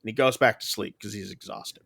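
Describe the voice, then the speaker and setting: A man's voice: fairly low pitch, fairly even intonation, brisk, gravelly, fairly bright tone, dry recording, clean studio sound. A man co-hosting a podcast, casually retelling a film's plot with lots of fillers. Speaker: podcast co-host. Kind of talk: casual film review chat.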